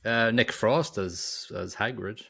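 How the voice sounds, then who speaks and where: A man's voice: fairly low pitch, slow pace, vocal fry, a bit bright, slightly rough. A man co-hosting a podcast and chatting casually about a movie, jokey and prone to trailing off. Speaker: podcast co-host. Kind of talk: casual movie review chat.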